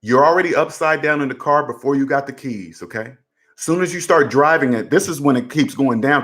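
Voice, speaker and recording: A man hosts a personal finance talk, speaking casually but with preachy insistence. His voice sits a bit high, and he hammers each point by saying it twice. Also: fairly quick, a bit bright. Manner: emphatic and repetitive, preachy, drives points home. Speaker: personal finance channel host. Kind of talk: casual commentary to camera.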